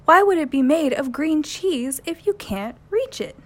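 A woman's voice: high voice, expressive, a little slow, pitched above the performer's own voice. A woman doing a curious, earnest little boy mouse.

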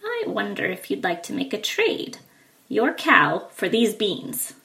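A woman voicing a funny-looking, sly old man in a storybook, talking in a slow, coaxing, mysterious way. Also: mid-range voice, wildly swooping pitch, creaky, bright, forceful tone, heavily acted.

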